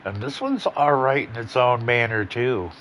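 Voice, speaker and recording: A man's voice: medium pitch, normal speed, fairly bright tone, a little hiss or hum. A man casually commenting on his gameplay, rambling and blunt, with plenty of swearing. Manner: laid-back, rambling, profane and blunt. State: yawning, a bit tired. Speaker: gaming channel host.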